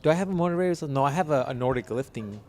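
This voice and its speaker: A young man talking on a casual podcast, blunt and profane, cracking jokes as he goes. His voice sits at an everyday middle pitch. A faint hiss of noise sits under the recording. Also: expressive, racing, darkish tone. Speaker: podcast co-host.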